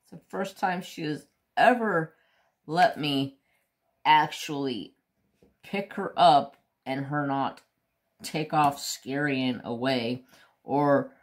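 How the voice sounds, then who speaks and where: An unhurried man rambling to his viewers while he works on a craft. He drifts from one thought to the next and swears casually as he goes. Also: on the high side. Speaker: craft vlogger.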